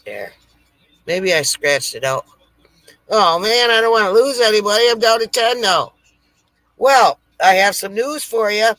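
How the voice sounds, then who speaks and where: A woman's voice: medium pitch, lively intonation, a little slow, fairly bright tone, no echo, low-quality recording. A woman hosting a casual live stream, chatting with viewers, reading their comments aloud and laughing at her own jokes. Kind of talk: casual live stream chat and joke telling. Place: home setup near a lake.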